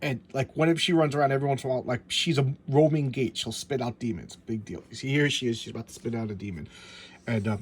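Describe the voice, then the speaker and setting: A man's voice: mid-range voice, fast, slight background noise. A man casually reviewing an old comic book, retelling the story in a loose, rambling way with frequent restarts and asides.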